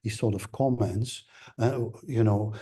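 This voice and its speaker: Man lecturing at a seminar, unhurried, mellow dark tone, slightly lower voice. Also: breathy edge.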